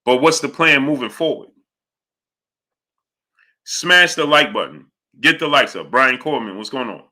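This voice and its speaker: A man's voice: mid-range voice, expressive. A man hosting a live boxing talk stream, breaking off his points to greet viewers in the chat and asking whether they understand what he's saying. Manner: rapid shout-outs to chat viewers, repeats "you understand what I'm saying". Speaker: boxing talk show host. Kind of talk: live-stream commentary reading super chats.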